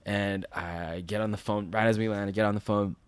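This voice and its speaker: Lively low-voiced man telling a story. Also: fairly quick, smooth. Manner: animated, acts out quotes with big jumps in pitch. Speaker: podcast guest. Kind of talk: casual storytelling.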